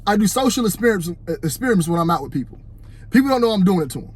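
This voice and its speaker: High-voiced man preaching into a phone. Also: very animated, rapid-fire, darkish tone, husky. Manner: preachy, addresses "fellas", repeats "you know what I'm saying". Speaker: vlogger. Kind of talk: casual opinion monologue.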